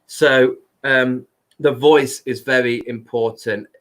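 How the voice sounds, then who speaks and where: A man hosts a live stream in a loud, chatty voice. He speaks slowly and unhurriedly, as if chatting with friends. His pitch sits in a middle range. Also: fairly even intonation. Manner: unhurried, chatty, talks to viewers by name. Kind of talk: casual live stream talk.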